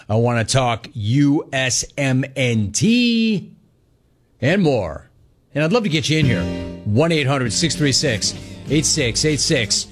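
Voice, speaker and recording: A man hosting a sports talk radio show, delivering a sarcastic, mocking monologue with animated asides. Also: medium pitch.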